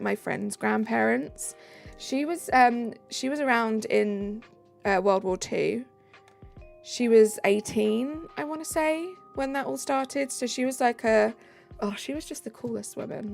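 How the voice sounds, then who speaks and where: A woman's voice: on the high side, creaky. A British woman streaming live, chatting casually and reading out viewer comments. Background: faint background music.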